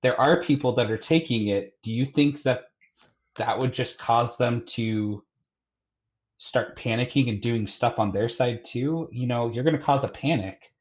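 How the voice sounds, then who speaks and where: Man, tabletop player, hesitant, reasoning aloud, middle pitch, muffled lo-fi mic. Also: unhurried. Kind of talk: tabletop game role-play.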